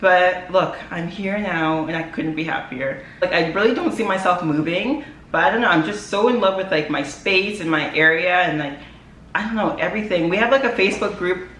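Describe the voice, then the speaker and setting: A woman's voice: on the low side, fairly quick, a bit bright. A young woman talking to camera in a casual vlog, chatty and emotional, full of "like" fillers. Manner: chatty and emotional, frequent "like" fillers, laughs often. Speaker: vlogger. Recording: echoey room with faint ambient noise.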